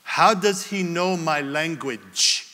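A preacher doing a young foreign bartender who speaks slowly and carefully in a thick, heavily put-on accent, his voice high and bright. The sound carries a long echo from a large hall. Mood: amazed. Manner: slow, heavily accented speech.

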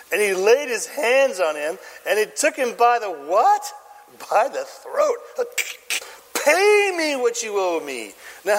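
Male pastor, high and lively sermon delivery, plays all the parts, hall reverb. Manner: animated storytelling, acting out voices and shouting lines.

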